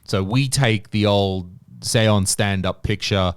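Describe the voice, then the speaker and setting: A man with an Australian accent hosting a podcast, telling stories in a lively, profane way. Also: lowish voice, slow pace, clean tone, no room sound, studio quality. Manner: animated, profane storyteller. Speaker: podcast host. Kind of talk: casual chat.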